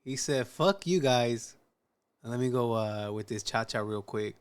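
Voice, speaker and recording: A man's voice: lowish voice, flat delivery, heavy background noise. A man hosting a casual chat, reacting to the story with profane jokes and slang. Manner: slow, profane, joking reactions mixing Spanish slang. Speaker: host.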